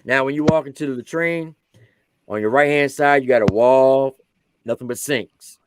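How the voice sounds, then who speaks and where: A man's voice: medium pitch, moderate pace, slight background noise. A man, an army veteran who served as a drill sergeant, telling a story on a podcast in casual slang and acting out the quotes.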